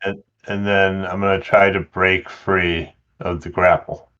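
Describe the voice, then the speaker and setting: A man's voice: sits low, little pitch movement, a little slow, fairly bright tone, highs cut off, soft background music. A man playing a tabletop game, hesitantly checking rules before he acts. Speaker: player.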